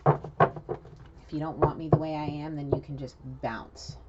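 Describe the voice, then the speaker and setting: A woman's voice: deep voice, fairly even intonation, a little slow, highs cut off, very noisy. A woman voicing a defiant young woman with a new attitude, sassy and profane.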